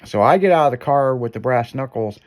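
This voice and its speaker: Profane, animated storytelling man. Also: medium pitch, a little fast. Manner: profane, animated storyteller who acts out quotes. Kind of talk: casual storytelling chat.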